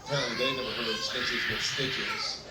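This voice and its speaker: A man's voice: mid-range voice, fairly even intonation, moderate pace. A man doing rowdy, profane stand-up storytelling on stage in front of a live crowd. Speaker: stand-up comedian. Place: comedy stage before a live audience. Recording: distant echoey stage audio with noise.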